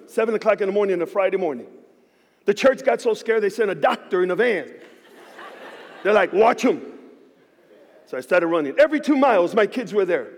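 A man preaching and telling a story to his church. He acts out the voices in his dialogue, moving between hushed lines and shouts. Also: sits high. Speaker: pastor. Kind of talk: sermon storytelling. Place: church sanctuary. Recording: hall reverb.

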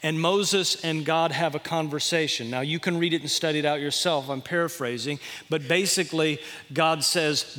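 A pastor preaching in a folksy, animated way, acting out quotes. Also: male voice, a little high, normal speed, in a large hall. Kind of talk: sermon.

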